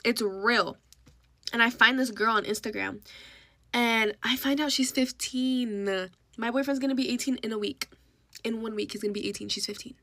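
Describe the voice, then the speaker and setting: Woman rambling thru a storytime, bright voice, dry sound, tons of "like". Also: a little high, moderate pace, dry recording. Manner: rambling, filler-heavy, acts out quotes. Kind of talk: casual storytime monologue.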